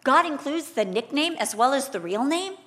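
A middle-aged woman delivers a sermon in a voice pitched a little high. She moves from scripture teaching into a lively personal story and acts out the quoted lines with sudden loud bursts. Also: normal speed. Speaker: preacher.

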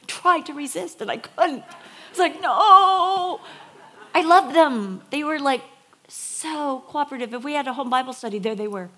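A woman preaching a sermon, telling a personal story with lively acted-out quotes and soft whispered emphasis. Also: high-pitched, moderate pace.

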